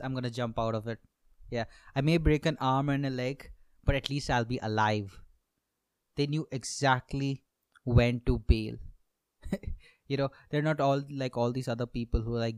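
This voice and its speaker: A man's voice: mid-range voice, darkish tone, clear, resonant tone, no echo. A young man hosting a comedy podcast, rambling through a monologue with self-mocking asides and lots of swearing.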